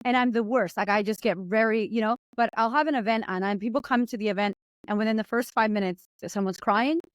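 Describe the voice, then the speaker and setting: Woman, interview guest, slightly high voice, animated, emotional, dry sound. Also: dry recording. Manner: animated, emotional and laughing, quick to act out voices. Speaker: guest, confidence coach. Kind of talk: casual conversational interview.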